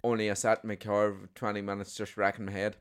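A man's voice: lowish voice, level tone, quick pace, clean tone. A man co-hosting a podcast, chatting casually, telling jokes and swearing freely. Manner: storytelling, blunt, swears casually. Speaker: podcast co-host. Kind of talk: casual chat and joke-telling.

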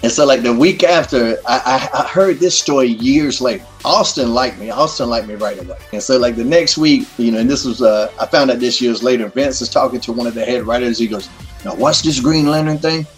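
A middle-aged man telling stories as a guest in a casual interview, animated and full of profanity. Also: medium pitch, a little fast, few pauses, soft background music.

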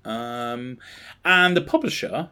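A man's voice: mid-range voice, expressive, slow, pushed and bright, clear, resonant tone. A man hosting a gaming podcast, reading game news in a casual way and swearing as he laughs at his own slips. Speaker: podcast host.

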